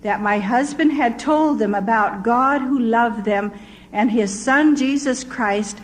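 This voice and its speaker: A woman's voice: on the high side, slow pace, poor audio. An older woman, a missionary, telling her testimony as a vivid story. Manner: vivid storyteller who acts out quoted voices.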